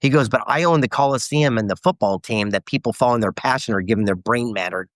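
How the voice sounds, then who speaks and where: Guest author, middle-aged man, lively anecdote teller, dry close mic, mid-pitched voice. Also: quick pace, dry recording. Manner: animated storyteller quoting others. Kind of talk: storytelling interview.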